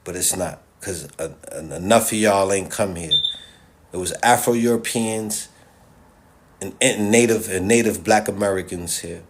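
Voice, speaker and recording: A man's voice: fairly low pitch, a little slow. A man delivering an impassioned casual monologue straight to his viewers. He is emphatic and repetitive, restarts his sentences often and keeps checking in with "all right?". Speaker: social media commentator.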